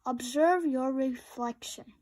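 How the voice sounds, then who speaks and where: Brief: woman voicing calm formal robot, storybook, unhurried and precise. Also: high-pitched. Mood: calm, logical. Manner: formal, precise machine-like phrasing. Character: calm logical friendly robot.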